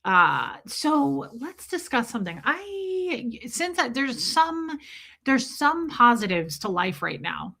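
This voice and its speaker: A woman's voice: fairly high pitch, pushed and bright. A woman hosting a casual live stream, greeting viewers by name, self-mocking and laughing often. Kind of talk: casual live chat reading viewer comments.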